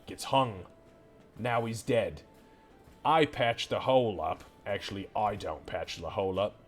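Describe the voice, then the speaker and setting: A man voicing a foul-mouthed, gruff male tavern keeper who talks bluntly and bosses people around. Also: lowish voice. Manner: swears constantly, blunt and bossy.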